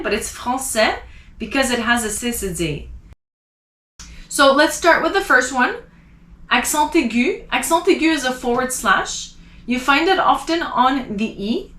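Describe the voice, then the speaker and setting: A woman's voice: on the high side, pushed and bright. A woman teaching a beginner language class, explaining step by step and repeating each word to show how it should sound. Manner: explains slowly, repeats words to demonstrate pronunciation. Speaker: French teacher. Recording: echoey room.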